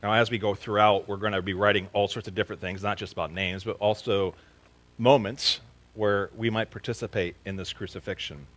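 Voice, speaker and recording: A pastor with a fairly low pitch and steady tone speaks fairly quickly in a rough recording of a church sermon. Earnest, he puts questions straight to the congregation and becomes louder and more emphatic when driving a point home.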